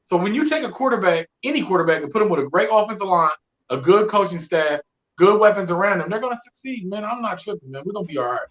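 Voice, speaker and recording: A man talking casually on a sports podcast, animated and slangy, with plenty of swearing. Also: sits high, fast talker, roomy sound, lo-fi sound. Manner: animated storyteller, slangy and profane. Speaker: podcast co-host, Colts fan.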